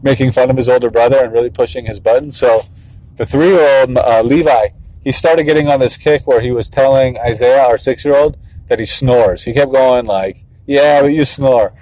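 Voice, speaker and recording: A man's voice: medium pitch, normal speed, dark tone, dry recording, poor audio. A man in his thirties, a father and business owner, talking casually, laughing often and playfully mimicking his kids. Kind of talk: casual vlog monologue.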